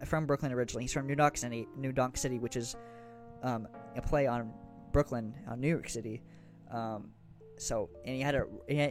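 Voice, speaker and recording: A young man co-hosting a casual podcast, talking with lots of ums and restarts and casual swearing. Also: mid-range voice. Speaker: podcast co-host. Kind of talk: casual chat.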